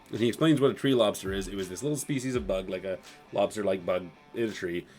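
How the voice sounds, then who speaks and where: A man's voice: lowish voice, fast talker, a little mellow, breathy edge, faint music behind. A man casually retelling a comic book issue, chatty and loose, often slipping into quoted lines. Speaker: comic book recap host.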